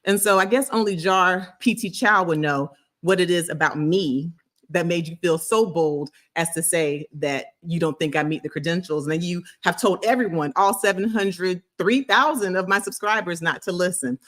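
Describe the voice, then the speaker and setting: A woman's voice: on the low side, moderate pace, fairly bright tone. A middle-aged woman doctor from the US South, hosting a casual medical video and answering a commenter in an emphatic, sassy way. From Florida, US South.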